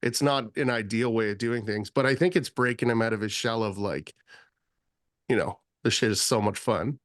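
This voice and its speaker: A man who is a podcast guest, chatting in an animated way, swearing and trading jokes. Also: fairly low pitch, normal speed, dry recording, clean studio sound. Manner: animated, swearing, laughing banter. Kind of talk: casual chat.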